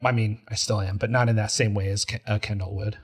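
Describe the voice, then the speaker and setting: A man's voice: on the low side, fast talker, slightly rough. Emotional, talkative man in his forties. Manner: emotional, animated storytelling with quoted voices. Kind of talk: casual chat about a TV show.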